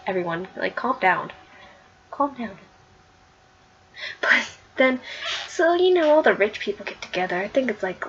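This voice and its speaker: A woman's voice: medium pitch, dull audio, a little hiss or hum. Chatty woman reviewing comics. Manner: chatty, filler-heavy, giggly. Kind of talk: casual comic review vlog.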